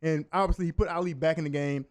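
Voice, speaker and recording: On the high side with fairly even intonation, this man's voice tells stories quickly and with laughter. He is a former college linebacker appearing as a guest on a sports talk show, recorded dry in the radio studio.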